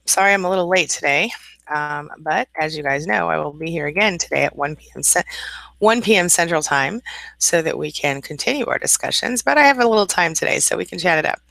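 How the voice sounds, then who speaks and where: A woman's voice: low-pitched, expressive, a little fast, vocal fry, fairly bright tone, no echo, rough recording. A middle-aged woman hosting a live-stream chat as a coach, greeting viewers by name and calling them honey. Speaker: host and coach.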